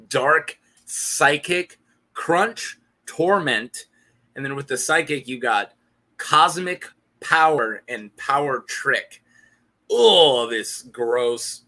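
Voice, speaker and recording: A man's voice: mid-range voice, sharp tone. A young man hosting a casual, joking video chat, who laughs often and banters with himself. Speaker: YouTube host.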